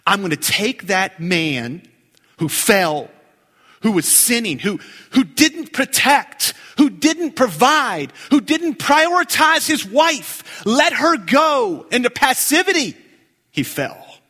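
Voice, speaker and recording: Animated preacher with a high, lively voice. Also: male voice, takes it slowly, big-room sound. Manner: animated, dips into low hushed emphasis and jumps high for jokes. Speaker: pastor. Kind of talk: sermon.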